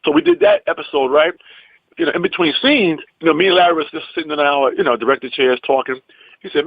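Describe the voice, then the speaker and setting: An animated man tells a story, his pitch leaping around as he acts out each person in it. His voice sits a bit high for a man. The sound is dry and somewhat muffled. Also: fast, no room sound. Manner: lively, emphatic, acts out the people in his stories. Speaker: comedian and actor guest.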